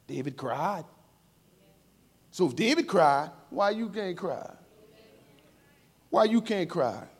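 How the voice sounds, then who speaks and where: A male preacher with a slightly high voice delivers a sermon at a church service. He moves from hushed, tender passages to loud, rising calls to the congregation. He drops in playful, informal asides along the way. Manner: emotional, swings between quiet and loud, calls out to the congregation.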